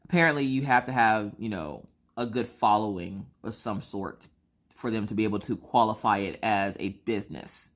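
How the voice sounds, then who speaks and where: A woman's voice: very deep voice, normal speed. A woman hosting a crafting channel, telling a story in casual chat and acting out both sides of conversations.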